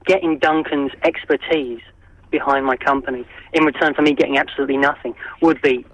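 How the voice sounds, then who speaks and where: A man calling in by phone, hesitant and deadpan, playing along with the hosts. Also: mid-range voice, fairly quick. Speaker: caller. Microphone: telephone. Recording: phone line with hiss.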